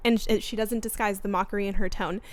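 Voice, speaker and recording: A woman's voice: mid-range voice, steady tone, quick pace. A young adult woman co-hosting a casual book podcast, gushing and giggling as she quotes favorite lines. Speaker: podcast co-host.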